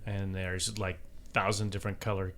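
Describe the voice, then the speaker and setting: A man's voice: deep voice, little pitch movement, moderate pace, a crowd in the background. A man in casual podcast chat who throws in dry wisecracks and rambles through explanations.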